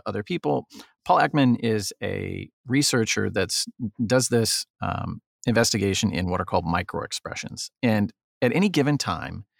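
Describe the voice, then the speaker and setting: A man's voice: lowish voice, gravelly, no echo, clean studio sound. A man being interviewed as a photographer, talking casually and acting out quotes as he tells stories. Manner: animated, acts out quotes. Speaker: guest, photographer. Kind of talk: casual interview talk, storytelling.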